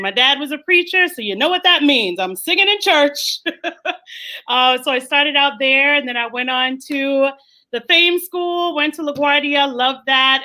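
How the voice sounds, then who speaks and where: Lively high-voiced Brooklyn woman. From Brooklyn, New York. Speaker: opera singer guest. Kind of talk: casual interview chat.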